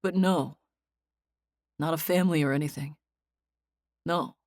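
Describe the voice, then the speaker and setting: A troubled, guarded young man speaks low and haltingly, his voice pitched a little down, as a woman narrator puts him on. The storybook recording is dry and close. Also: steady tone, darkish tone, no echo.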